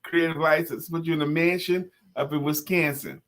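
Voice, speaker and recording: A man's voice: a little high, fairly bright tone. A man co-hosting a live coaching talk show, talking in a casual, playful and emphatic way. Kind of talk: casual live-stream chat.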